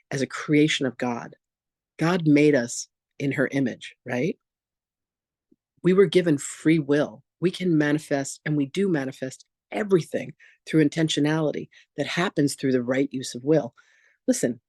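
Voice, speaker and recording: Animated man with a higher voice. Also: no room sound, studio quality. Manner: animated, acts out quoted voices, casual and candid. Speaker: spiritual teacher and reverend. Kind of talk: personal storytelling in an online masterclass.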